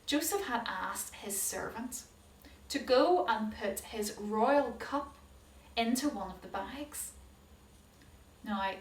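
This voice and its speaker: A woman telling a Bible story to children as a Sunday school teacher, animated and asking her listeners questions. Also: fairly high pitch. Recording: roomy hall, distant mic.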